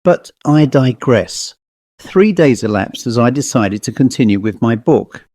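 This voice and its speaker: A man from England reading his own ghost story in a measured, reflective audiobook narration. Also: medium pitch, expressive, warm tone, no room sound. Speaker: author and narrator.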